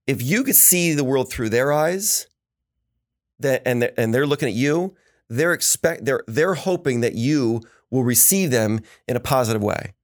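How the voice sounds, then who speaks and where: A man hosting a casual podcast, telling animated stories and acting out the quotes of the people in them. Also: mid-range voice, moderate pace. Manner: animated storytelling with acted quotes. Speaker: podcast host.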